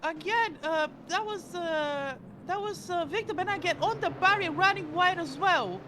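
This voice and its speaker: A woman commentating a sim race live, excitable, often stumbling over words and correcting herself. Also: very high-pitched, normal speed. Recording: loud background noise.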